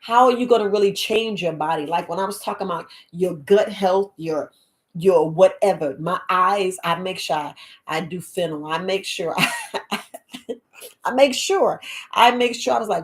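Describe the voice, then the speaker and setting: A woman herbalist hosting a live podcast, talking to her viewers in a rambling, chatty, animated way. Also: on the low side, moderate pace. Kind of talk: casual live-stream talk.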